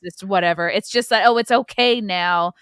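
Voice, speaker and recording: Bright, crisp-voiced woman ranting. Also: medium pitch, dry recording, studio quality. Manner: blunt, ranting, quick. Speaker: livestream host. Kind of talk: casual chat.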